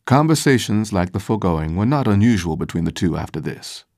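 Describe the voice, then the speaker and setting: A man giving scripted first-person audiobook narration in a measured, formal storytelling manner. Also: on the low side, sing-song, darkish tone, dry recording, studio quality.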